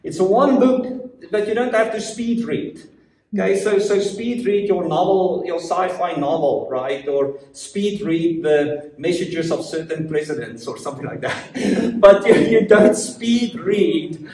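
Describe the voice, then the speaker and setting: A man from Africa with an African accent, teaching a church Bible study in a lively, joking way full of rhetorical questions. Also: high-pitched. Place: church meeting room. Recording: echoey room, voice from far off.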